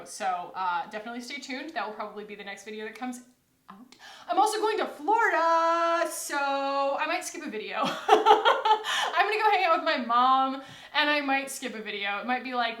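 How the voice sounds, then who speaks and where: Young adult woman, from the United States, high voice, casual rambling vlog chat with quoted asides, recorded in an echoey room. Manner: chatty, rambling, quoting others in animated asides. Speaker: beauty vlogger.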